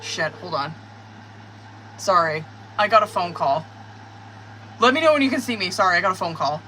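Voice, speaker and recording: A woman doing a live-stream tarot reading, talking straight to her viewers in an excitable, profane, chatty way. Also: lowish voice, normal speed, a little hiss or hum, poor audio. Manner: excitable, cursing, talks to viewers. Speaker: tarot reader.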